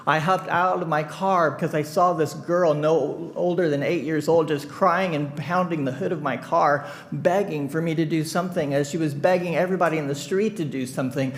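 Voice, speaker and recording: A male pastor with a Midwestern American accent telling a lively story in a sermon, laughing often and acting out the scenes. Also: on the high side. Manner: animated storyteller, laughing, shouting in retold scenes. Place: church sanctuary.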